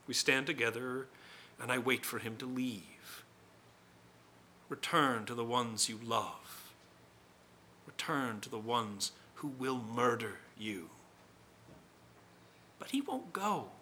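A man's voice: mid-range voice, expressive, takes it slowly, pauses often, bright, forceful tone, slight background noise. A man performing a dramatic first-person monologue as a proud, bitter male spirit of accusation, scornful and declamatory.

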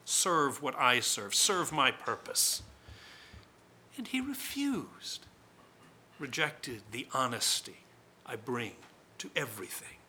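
A man's voice: mid-range voice, big pitch swings, slow, long pauses, pushed and bright, a little hiss or hum, heavily acted. A man performing a dramatic first-person monologue as a proud, bitter male spirit of accusation, scornful and declamatory.

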